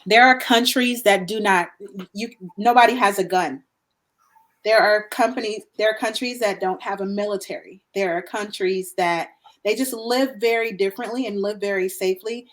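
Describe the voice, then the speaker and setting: A woman's voice: mid-range voice, moderate pace, fairly bright tone. A woman talking on a podcast in an earnest, explaining way, often restarting her sentences. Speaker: podcast guest or co-host. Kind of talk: conversational podcast talk.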